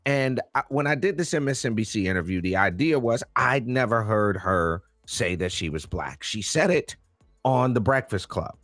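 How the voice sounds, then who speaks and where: A man co-hosting a podcast, talking in an animated, incredulous and slangy way. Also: medium pitch, normal speed, no echo, studio quality. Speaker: podcast co-host. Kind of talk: casual commentary chat.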